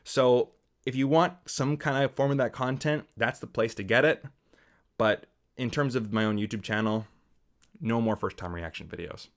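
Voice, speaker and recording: A young man, a film critic, talking casually to his viewers, acting out comments in a lively way. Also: moderate pace. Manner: animated, acts out quoted comments with big pitch jumps. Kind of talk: casual talk to camera.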